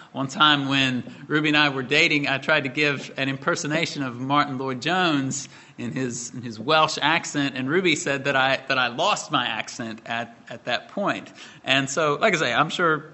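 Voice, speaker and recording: A middle-aged male pastor preaching an expository sermon, measured and deliberate, posing rhetorical questions. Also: on the high side, bright, forceful tone.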